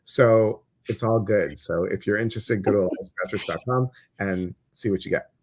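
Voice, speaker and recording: A man's voice: fairly low pitch, normal speed, slightly rough. Chatty Midwestern American man hosting. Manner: chatty, animated, many fillers and restarts. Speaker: host. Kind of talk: casual livestream chat.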